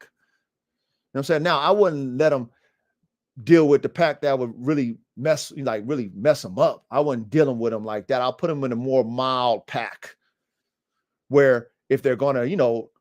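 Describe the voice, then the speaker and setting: A man with a medium-pitched, slightly mellow voice hosts a casual dog training podcast in a livestream style. He talks animatedly and addresses his listeners directly.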